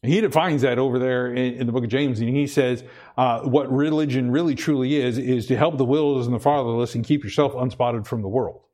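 Guy preaching in a chatty casual way, stumbles and repeats, goes way up when he gets fired up, asks amen a lot. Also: fairly quick. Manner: animated, rises high and loud when excited. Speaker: pastor. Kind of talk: sermon.

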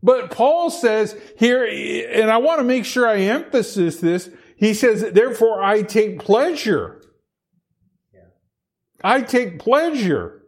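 His voice sits high and gravelly, with lively intonation, a slightly slow pace, and few pauses, as this Pacific Northwest pastor delivers a conversational sermon. He repeats words at the start of sentences while building points and laughs in between.

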